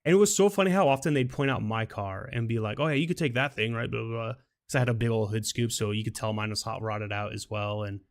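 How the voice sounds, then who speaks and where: Casting note: male game streamer, gravelly low-register fry, loose rambling storyteller who laughs at his own tales. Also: fast talker, hardly any pauses, darkish tone. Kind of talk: casual storytelling while gaming.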